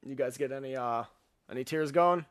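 A man's voice: medium pitch, moderate pace, clean tone. A young man co-hosting a casual movie chat, enthusiastic and joking, swearing freely. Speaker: podcast co-host. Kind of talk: casual film discussion.

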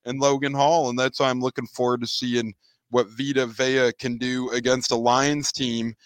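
A man co-hosting a casual sports podcast, upbeat and measured, building on his partner's points. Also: mid-range voice, little pitch movement, smooth, dry recording. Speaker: podcast co-host.

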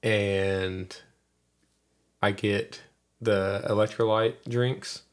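A man sits in on a casual podcast, answering in a relaxed, matter-of-fact way. His replies are mostly short. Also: on the low side, drawn-out words. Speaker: podcast guest. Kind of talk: casual chat.

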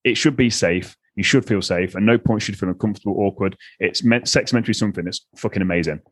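A man's voice: fairly low pitch, fast talker, dry recording. A man hosting a podcast in casual conversation, blunt and swearing freely. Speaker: podcast host.

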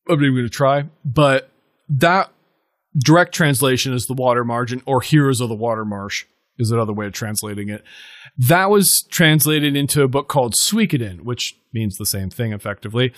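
A man's voice: mid-range voice, no room sound, studio quality. Rambling man in casual chat. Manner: rambling, full of fillers and self-corrections.

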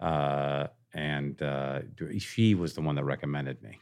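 A man as a podcast guest in casual conversation, telling jokey, animated stories and acting out quoted lines. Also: extremely low pitch, a little slow, smooth. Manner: animated storytelling, acts out quoted lines, joking.

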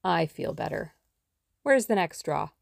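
A woman's voice: on the low side, very animated, unhurried, vocal fry, dry recording, clean studio sound, exaggerated voice. A woman voicing a confident, jaunty young man in an audiobook, breezy and teasing. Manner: breezy, self-assured and teasing. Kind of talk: audiobook character reading.

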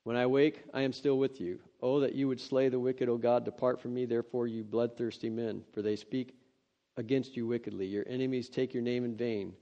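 A man preaching, reading scripture aloud and breaking off into earnest, excitable, conversational asides. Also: medium pitch, brisk. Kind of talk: devotional scripture reading with commentary. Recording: dull lo-fi sound.

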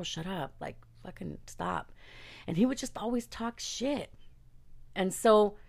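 Woman, low voice, vocal fry, casual storytelling, profane, animated. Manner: candid, profane, animated, laughs often.

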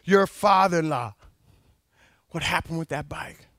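A man voicing the slow, solemn voice of God. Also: on the high side, a bit bright, no room sound, clean studio sound, pitched below the performer's own voice. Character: God speaking inwardly, calm and solemn.

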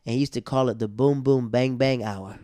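A young man tells stories in a slangy, animated way in casual talk. He has a mid-pitched voice, and the sound is dry and close. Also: a little fast, no echo. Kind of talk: casual chat.

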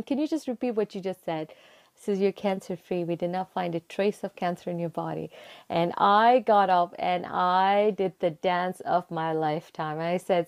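A young woman telling a personal story in conversation, acting out her own past words with rising excitement. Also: on the low side, a little slow, clean tone. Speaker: interview guest.

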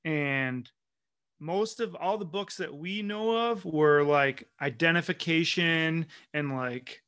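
A man's voice: a little high, slow pace, a bit bright, smooth. A man co-hosting a podcast, laid-back and chatting casually. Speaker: podcast co-host.

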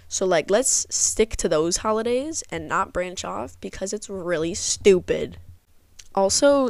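A woman's voice: medium pitch, no room sound. Young female podcast host, sarcastic rambling rant, dry close mic. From Midwest of the United States. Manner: sarcastic, rambling, swears freely. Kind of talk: casual solo podcast rant.

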